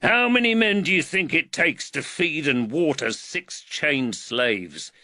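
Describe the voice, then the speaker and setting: A man voicing a stern, protective father who speaks with calm command and dry wit. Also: fairly high pitch, slow, no echo, voice pushed up, heavily acted. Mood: steady, fatherly. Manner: calm, commanding, dryly wry.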